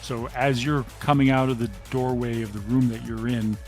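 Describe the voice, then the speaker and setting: A man running a tabletop role-playing game as game master, describing the action in a steady, measured way with frequent ums. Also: mid-range voice, soft background music.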